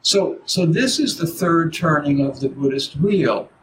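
Older man giving a halting dharma talk. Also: a little high. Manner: halting, repeats words, many "you know"s. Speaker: Zen teacher. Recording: noisy background.

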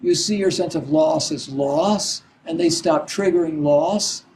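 A middle-aged Zen teacher, a man with a fairly high but soft, mellow voice, gives a reflective dharma talk. He speaks haltingly, filling gaps with "you know" and restarting his sentences. Faint ambient noise sits behind him. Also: poor audio.

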